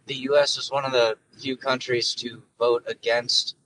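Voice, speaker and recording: A man's voice: medium pitch, little pitch movement, normal speed, pushed and bright, a little hiss or hum, low-quality recording. A man hosting a casual solo podcast from his car, talking in an offhand, rambling way through his phone. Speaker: podcast host. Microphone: phone through car system.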